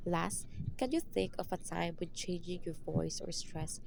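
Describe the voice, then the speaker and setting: A woman's voice: on the low side, a little slow, vocal fry, noisy background. A young woman reads out her lesson presentation as a student teacher, going through numbered steps and questions. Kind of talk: reading a prepared lesson presentation.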